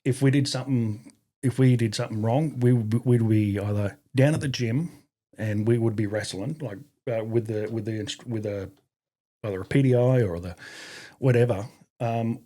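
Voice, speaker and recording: An Australian-accented army veteran, guesting on a podcast, tells casual stories in a mellow, mid-range voice at normal speed. He swears freely and mimics others with a raised voice.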